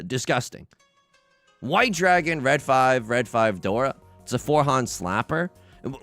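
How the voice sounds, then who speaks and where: A young man chatting casually while streaming a mahjong game, rambling and self-deprecating, with nervous asides and sudden loud outbursts. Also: medium pitch. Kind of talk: casual livestream chat while playing mahjong.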